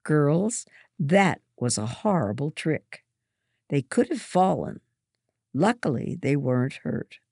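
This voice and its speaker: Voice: medium pitch, sing-song, slow pace, vocal fry, darkish tone, no room sound, studio quality, exaggerated voice. A reader voicing a stern, strict boarding-school matron who scolds and gives orders, in a storybook reading. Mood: stern scolding. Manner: scolding, commanding.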